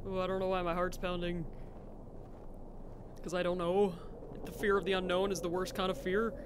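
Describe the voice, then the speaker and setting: High-voiced jumpy gaming commentator man. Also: monotone, normal speed, background noise. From United States. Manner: jumpy, talks to himself, exclaims and laughs often. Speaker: gameplay commentator. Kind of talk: let's play commentary.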